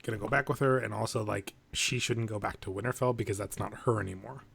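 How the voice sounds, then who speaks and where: A man's voice: fairly low pitch, fast talker, creaky, a bit bright, slightly rough. A young adult man co-hosting a podcast, recapping a TV episode in loose, rambling casual chat. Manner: rambling, loose, restarts and jokes. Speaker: podcast co-host.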